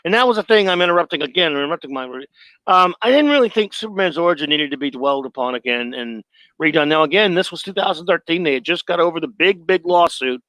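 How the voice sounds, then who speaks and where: A man's voice: on the high side, lively intonation, fast talker, bright, forceful tone, dry recording, poor audio. A man hosting a live stream, reading his own film review aloud in a sarcastic, rambling, self-mocking way.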